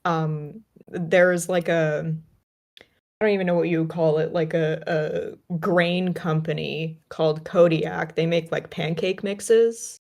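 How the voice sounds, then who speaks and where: A woman's voice: sits low, steady tone, takes it slowly, gravelly, a little mellow. A woman co-hosting a podcast from a remote call, chatting casually about a film with lots of fillers and restarts. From United States. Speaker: podcast co-host.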